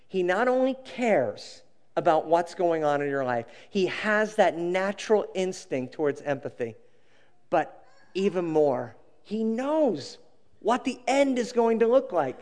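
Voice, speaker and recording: A middle-aged man preaching a sermon as a pastor, telling stories expressively and dropping to a hush for emphasis. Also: sits high, very animated, measured pace, in a large hall.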